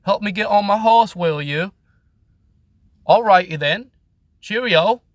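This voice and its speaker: A man's voice: high voice, slow, no room sound, clean studio sound, pitched above the performer's own voice. A man putting on the voice of a bumbling medieval English knight lost in his helmet, in a chirpy mock-posh English put-on. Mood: silly.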